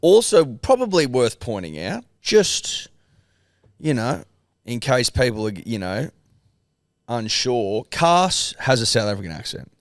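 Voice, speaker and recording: An Australian man co-hosting a podcast, deadpan and insistent, repeating his points in casual banter. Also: mid-range voice, a little slow, dry recording, clean studio sound. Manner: deadpan, insistent and self-defending. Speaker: podcast co-host.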